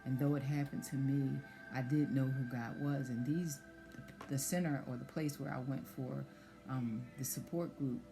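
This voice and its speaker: A woman sharing a personal testimony in conversation, soft-spoken and hesitant with many fillers. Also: very deep voice, fairly even intonation, moderate pace, over music. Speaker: guest sharing pregnancy loss story.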